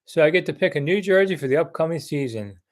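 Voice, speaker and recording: A man's voice: on the high side, expressive, fast. An older man hosting a casual live sports chat, blunt and chatty as he reads viewer comments and answers them.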